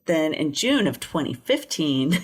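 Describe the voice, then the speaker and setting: A woman's voice: low-pitched, big pitch swings, measured pace, breathy edge. A woman co-hosting a podcast, telling a true crime case in a casual way and laughing often. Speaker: podcast co-host.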